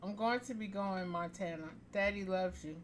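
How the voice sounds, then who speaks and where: A woman reading a story aloud, voicing a sarcastic, resentful father with a low-key, grudging manner. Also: moderate pace, a little hiss or hum, close to an everyday voice.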